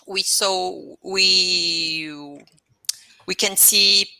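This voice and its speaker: A woman with a Portuguese accent talks slowly and haltingly over a video call, hunting for English words and restarting her sentences. Her voice is bright and fairly low. The sound is dry and close. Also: fairly even intonation, clean tone, no echo. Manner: hesitant, searching for words, many restarts. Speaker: English student. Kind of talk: online English lesson conversation.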